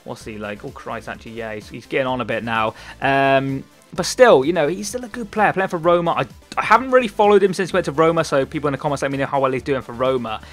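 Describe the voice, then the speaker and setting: A young man in his twenties with a Cornish accent talks quickly through a casual gameplay commentary. He rambles in a chatty way, restarting words and filling gaps with ums, over faint background music. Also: medium pitch. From Cornwall, England. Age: 20s. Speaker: gaming YouTuber.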